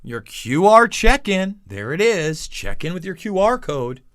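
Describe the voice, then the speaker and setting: A man's voice: high-pitched, a little slow. A man hosting a commentary show, ranting and mocking over news clips with heavy repetition. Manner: animated, mocking, repetitive emphasis. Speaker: commentary host.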